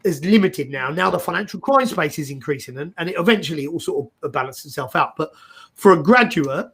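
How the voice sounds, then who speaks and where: A gravelly, slightly high-pitched middle-aged man leads a loose career talk on a video call. He is animated and rambling, circling back and repeating words as he thinks aloud. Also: a little fast. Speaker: host. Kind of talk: casual career advice chat.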